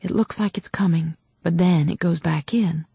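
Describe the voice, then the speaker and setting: Woman voicing a steady, urgent mother. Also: lowish voice, moderate pace, creaky, slightly rough, dry recording, full character voice. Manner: quiet, urgent, commanding coaching. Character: steady middle-aged mother acting as midwife.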